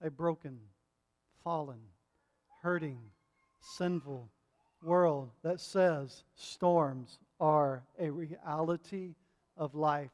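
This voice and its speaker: A middle-aged man preaching a sermon as pastor, impassioned and building to loud repeated refrains, often checking in with the congregation. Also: a little high, very slow. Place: church sanctuary. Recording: long hall reverb.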